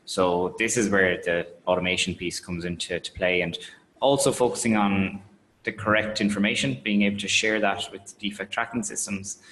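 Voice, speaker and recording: A man co-presenting a software webinar, speaking in a measured, hedging way with frequent fillers. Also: sits low, a little hiss or hum, low-quality recording. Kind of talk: webinar talk.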